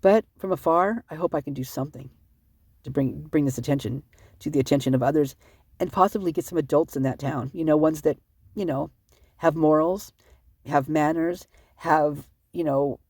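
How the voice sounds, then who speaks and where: Husky rambling vlogger, upset and sleepless. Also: mid-range voice, darkish tone, dry recording, clean studio sound. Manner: fast, rambling, self-interrupting. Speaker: vlogger reading police reports. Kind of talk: rambling commentary vlog.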